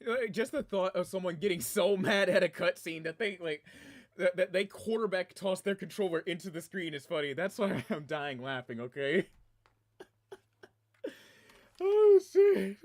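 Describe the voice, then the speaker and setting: Here a man streams games from home and chats casually, his talk rambling and full of excitement, with laughter breaking in again and again. The voice is high and the speed normal.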